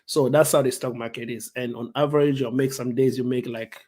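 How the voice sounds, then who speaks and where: A man casually explaining stock investing to viewers on a live stream from home, relaxed and repetitive. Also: mid-range voice, brisk. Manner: relaxed, repeats key points, frequent "like" fillers.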